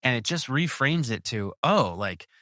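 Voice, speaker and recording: A man's voice: medium pitch, big pitch swings, normal speed, pushed and bright, no room sound, clean studio sound. A man hosting a podcast interview, talking in an enthusiastic, effusive way with lots of restarts. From USA. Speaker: podcast host. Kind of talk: casual interview chat.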